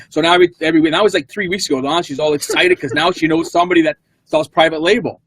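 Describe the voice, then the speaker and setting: A man guest telling a story in casual talk, animated and acting out what others said, on a video call mic. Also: on the high side, very fast, gravelly. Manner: animated, acts out quoted voices. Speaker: guest entrepreneur.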